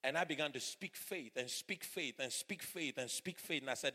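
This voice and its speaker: A middle-aged man preaching a sermon, swinging from hushed asides to fervent shouting. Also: on the high side, very animated, a little fast, few pauses, in a large hall. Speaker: pastor. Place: church hall.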